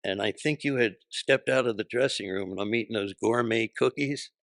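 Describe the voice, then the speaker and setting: Older man, gravelly voice, lowish pitch, dry close mic, punchy profane comic storytelling. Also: normal speed, fairly bright tone, no echo. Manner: punchy, profane, acts out voices in his stories. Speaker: guest comedian. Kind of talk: anecdotal interview storytelling.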